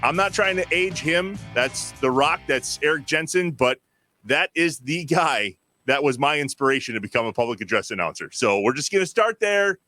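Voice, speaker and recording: A man hosting a chat podcast, opening the show with upbeat, quick introductions. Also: fairly high pitch, animated, pushed and bright, faint music behind. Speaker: podcast host and public address announcer. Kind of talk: casual chat.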